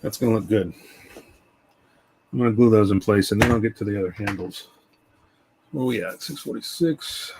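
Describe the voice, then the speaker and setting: A man casually talking through a scale model build as he works, relaxed and rambling. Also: fairly low pitch, normal speed, vocal fry, pauses often, a little hiss or hum, rough recording. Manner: relaxed, rambling, tells stories while working.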